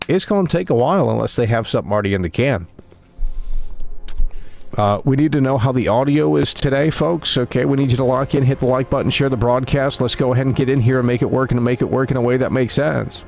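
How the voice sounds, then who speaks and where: A man hosts a gaming live stream in a mid-range voice with lots of vocal fry. He rambles along plainly and now and then asks the viewers to engage. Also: medium pitch, quick pace, darkish tone, soft background music. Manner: rambling and matter-of-fact, calling on viewers to engage. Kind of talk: casual live-stream talk.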